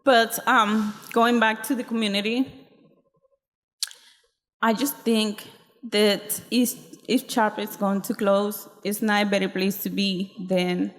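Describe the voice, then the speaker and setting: Woman speaking at a school board mic, slow and halting, gets emotional, echoey hall. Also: mid-range voice, flat delivery. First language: not English. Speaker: public commenter. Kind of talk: public comment at a school board meeting. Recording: reverberant hall.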